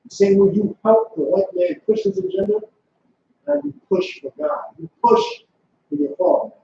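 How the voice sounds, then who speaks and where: A man with an unusually high, gravelly voice preaches to a class in a commanding tone, hammering short demands over and over. His delivery swings up and down in pitch. He sounds far from the mic in a very echoey room, on a dull lo-fi recording. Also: wildly swooping pitch, normal speed, mellow, slight background noise. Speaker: school leader teaching a class.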